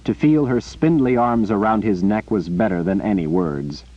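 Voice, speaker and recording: A man reading an audiobook in a lively storytelling way. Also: fairly low pitch, normal speed. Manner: animated storytelling. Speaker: audiobook reader. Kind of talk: scripted narration. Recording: muffled lo-fi recording.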